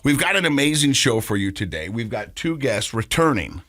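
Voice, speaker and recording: A man's voice: medium pitch, moderate pace, no room sound, clean studio sound. A man co-hosting a podcast, chatting casually and telling stories with acted-out voices. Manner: animated storyteller, acts out voices. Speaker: podcast co-host.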